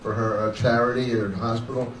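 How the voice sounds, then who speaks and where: An older man, a guest comedian, telling brash, profane stories in a loose, animated banter on a comedy club stage. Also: medium pitch, a little fast, a little hiss or hum. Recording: roomy live club audio from a distance.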